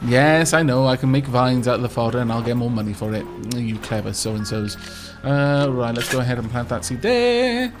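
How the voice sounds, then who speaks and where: A man's voice: mid-range voice, expressive, normal speed, over music. A man hosting a casual let's play, chatting as he goes in a self-mocking way and stammering as he restarts his sentences. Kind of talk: casual gameplay commentary.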